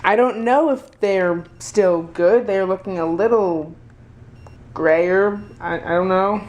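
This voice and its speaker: A woman's voice: medium pitch, takes it slowly, a little mellow. A woman vlogging casually from her home kitchen, rambling and self-deprecating with plenty of fillers. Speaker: daily vlogger. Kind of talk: casual vlog chat. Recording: echoey room with faint noise.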